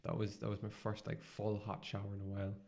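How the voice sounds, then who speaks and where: Young male podcast co-host, quick and gravelly, somewhat low, easygoing. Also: completely flat delivery, a little mellow. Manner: laid-back, laughs easily, short reactions. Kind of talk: casual chat.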